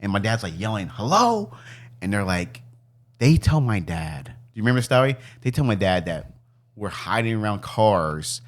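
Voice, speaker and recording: Lively man telling a story with swearing. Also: fairly low pitch, normal speed. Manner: animated, laughing, acts out family members in shouts; swears freely. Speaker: podcast co-host. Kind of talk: casual storytelling.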